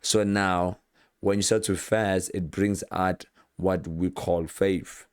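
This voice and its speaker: A man delivers an informal sermon in a very deep voice. He retells Bible stories with lively acted-out quotes and often repeats himself as he builds a point. The sound is dry and close. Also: takes it slowly, smooth, no echo. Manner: animated, acts out Bible scenes with quoted voices, repeats words. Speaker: preacher.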